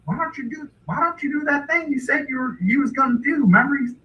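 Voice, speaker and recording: A man's voice: extremely high pitch, quick pace, pushed and bright, voice pushed up. A man putting on the voice of a young rural son, a meek hillbilly boy who talks in a hesitant yokel way. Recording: distant muffled mic with faint hiss.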